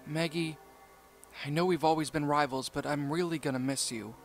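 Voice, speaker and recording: A man's voice: a little high, normal speed, a bit bright, faint music behind, close to an everyday voice. A man voicing a fierce, hot-tempered young woman fighter in a storybook reading, with an intense, clipped delivery. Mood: sad.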